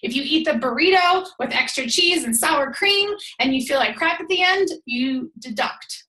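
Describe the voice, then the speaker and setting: A woman coaching her team on a call, talking in an energetic, emphatic rush filled with "like"s. Her voice sits high and sounds bright and forceful. The room around her gives it a noticeable echo. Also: moderate pace. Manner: energetic, emphatic, chatty with many "like"s. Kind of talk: motivational team call talk. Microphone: call audio.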